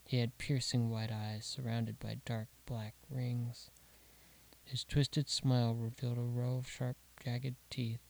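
A man reading a horror story aloud, slow and deliberate, dropping to a hush at grim details. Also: mid-range voice, little pitch movement, creaky, low-quality recording. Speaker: narrator. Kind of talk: scripted horror story narration.

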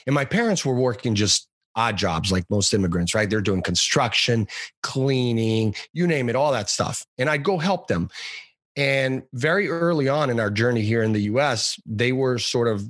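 This is a man from Brazil in his forties, talking as a podcast guest in an easy, loose way, circling back and restarting his sentences. His pitch sits in the middle range for a man, and the sound is close and dry with no room around it. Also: normal speed, no echo. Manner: relaxed, rambling, many fillers and restarts. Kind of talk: casual interview storytelling.

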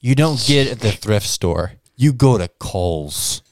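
A man's voice: lowish voice, lively intonation, measured pace. Rambling jokey young man. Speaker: podcast co-host. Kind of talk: casual chat.

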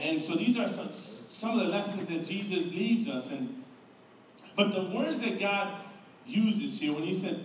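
A middle-aged man preaching a sermon as pastor, earnest, often repeating words and restarting phrases. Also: high-pitched. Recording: echoey room from far off, dull sound, faint noise.

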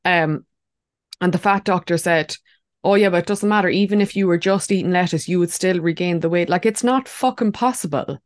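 A woman's voice: lowish voice, fairly quick. A woman co-hosting a podcast in casual chat, ranting emphatically and swearing constantly. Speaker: podcast co-host.

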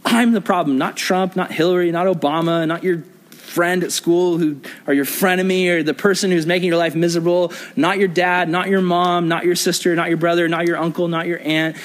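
A young man with a high voice gives a conversational sermon to a youth group. He keeps putting questions to his listeners. His voice rings out in a hall with a long reverb. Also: fairly even intonation, a little fast. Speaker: youth pastor.

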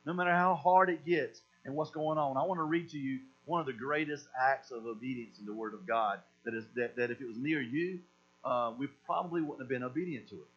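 A man preaching a sermon as pastor, animated and repeating words as he acts out voices. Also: mid-range voice, fairly quick. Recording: dull lo-fi recording with mains hum.

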